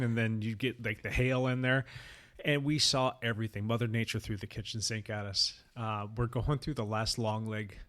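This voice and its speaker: A man hosting a cycling podcast, telling a race story in a relaxed, chatty way. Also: on the low side. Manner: animated, laughing storyteller. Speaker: podcast host. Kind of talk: casual storytelling chat.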